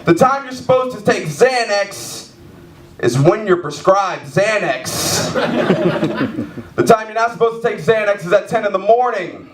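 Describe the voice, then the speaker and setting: A man in his twenties doing stand-up storytelling in a comedy club, animated and self-mocking, mimicking sound effects. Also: sits high, a little slow, slight background noise. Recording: echoey club heard from far off. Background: audience laughing.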